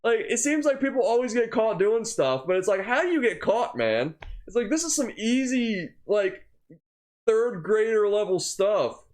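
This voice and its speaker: Young male co-host, casual rant, pitch on the high side, very lively, loose and filler-heavy. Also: normal speed. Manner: rambling, heavy on fillers and "man"; exasperated. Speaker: co-host of a gaming channel. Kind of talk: casual ranting chat.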